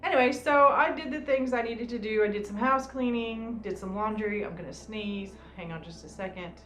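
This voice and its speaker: A woman's voice: on the high side, fairly quick, noisy background. A woman vlogger telling a personal story in casual chat, rambling with many fillers like "um" and "you know". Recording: roomy room with faint music.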